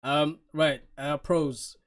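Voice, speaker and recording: A man's voice: on the high side, fairly even intonation, drawn-out words. A man giving a blunt, opinionated album review in a casual, dismissive way, with plenty of fillers and restarts.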